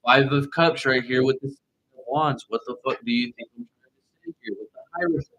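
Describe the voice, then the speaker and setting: A man's voice: mid-range voice, fairly quick, fairly bright tone, muffled recording. A man giving a casual online tarot reading, blunt and profane, with loose, rambling phrasing. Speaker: tarot reader.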